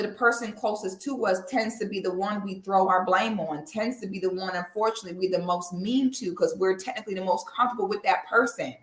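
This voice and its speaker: A woman's voice: medium pitch, fairly bright tone, echoey room. A woman giving blunt, opinionated commentary in a sassy, preachy way. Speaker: commentary vlogger.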